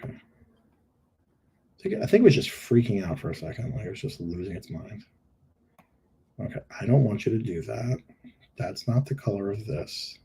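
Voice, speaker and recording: A middle-aged man with a lowish, gravelly, mellow voice speaks at normal speed, with big pitch swings and long pauses, over slight background noise. He hosts a live screen-share review of product listings, joking and thinking aloud while editing images.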